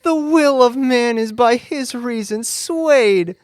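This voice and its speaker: A woman's voice: fairly high pitch, takes it slowly, darkish tone, dry recording. A woman playing an ardent young male lover in a college stage play, speaking earnestly.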